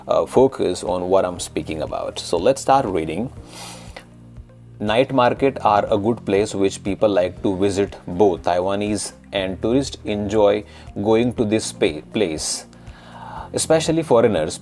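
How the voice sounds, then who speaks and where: An Indian-accented man teaching English, reading a passage aloud at a brisk, lilting pace. His voice sits on the lower side, and it jumps up in pitch on each new point. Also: darkish tone. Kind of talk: lesson with read-aloud passage. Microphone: recorded voice-over on screen capture.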